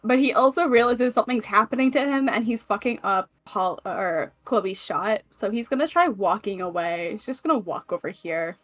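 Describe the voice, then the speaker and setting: A woman's voice: mid-range voice, lively intonation, normal speed, hardly any pauses. A woman playing in a tabletop game, chatty and playful. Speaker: player. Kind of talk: tabletop play chat.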